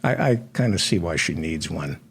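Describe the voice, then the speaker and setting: A man hosting a satirical comedy news show, delivering sardonic, deadpan asides. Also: sits low, moderate pace, slightly rough.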